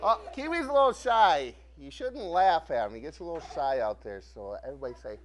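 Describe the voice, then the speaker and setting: A children's show host coaxing a young audience in a playful, animated way, sometimes dropping to a hush. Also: medium pitch, fairly quick. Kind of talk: playful talk to a kids' audience. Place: local TV studio with live audience.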